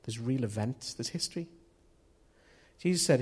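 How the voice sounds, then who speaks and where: A man's voice: on the high side, big pitch swings, brisk, a little mellow, breathy edge. A man preaching a sermon in an earnest manner, often repeating key phrases.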